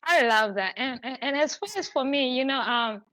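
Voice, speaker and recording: A woman's voice: sits high, normal speed, pushed and bright, no echo, poor audio. A woman hosting a podcast, chatting effusively in long run-on stretches. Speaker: podcast host. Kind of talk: casual chat.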